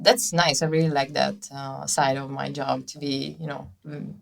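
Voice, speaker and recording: A woman's voice: a bass voice, flat delivery, normal speed, creaky, crowd noise. A woman in her twenties with an Italian accent, a guest answering questions in English with many fillers and shy laughs. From Italy, Veneto. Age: 20s. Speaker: guest winemaker. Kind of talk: casual interview chat.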